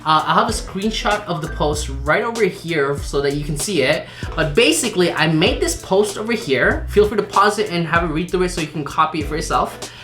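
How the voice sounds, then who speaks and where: A man's voice: a little high, expressive, brisk, sharp tone, soft background music. A young man chatting casually in a vlog about his career, upbeat and a bit boastful, laughing often. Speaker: marketing vlogger.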